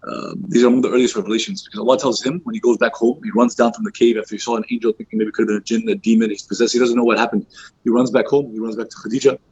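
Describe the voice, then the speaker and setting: A man's voice: medium pitch, breathy edge. A man giving a casual religious talk to a youth circle in a mosque, informal with many fillers, acting out quoted speech. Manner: fast, informal, many fillers like "you know" and "like"; acts out quoted speech in lively voices. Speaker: youth halaqah teacher. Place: mosque hall. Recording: dull lo-fi recording.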